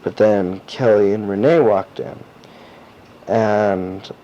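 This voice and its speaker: A teenage boy recording a personal audio diary, rambling and halting with lots of fillers and restarts. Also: lowish voice, dark tone. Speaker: diarist. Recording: dull lo-fi cassette tape with faint hiss.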